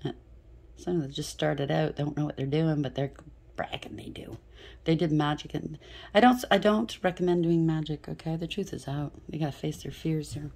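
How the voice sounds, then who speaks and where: A woman's voice: sits low, normal speed, gravelly, darkish tone, husky. A middle-aged woman giving a casual tarot reading, blunt and chatty, swearing freely and often checking in with "okay?". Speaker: tarot reader.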